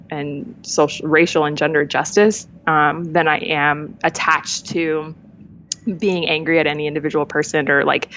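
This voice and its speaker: Low-voiced candid woman, laughing often. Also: fairly bright tone, highs cut off, a little hiss or hum. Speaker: podcast guest. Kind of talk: casual conversation.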